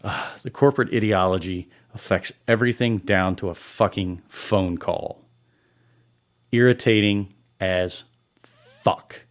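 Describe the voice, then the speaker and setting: A man's voice: lowish voice, takes it slowly. A man hosting a comedic rant show, exasperated and sarcastic, swearing heavily. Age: adult. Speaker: podcast host.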